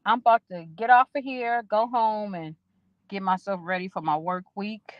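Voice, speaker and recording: A woman's voice: medium pitch, steady tone, normal speed, no room sound. A middle-aged woman talks straight to her viewers on a phone livestream, rambling and emotional, dropping casual swears. The sound is dry and a bit dull, like a phone outdoors. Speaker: vlogger talking to viewers. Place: outdoors at a park.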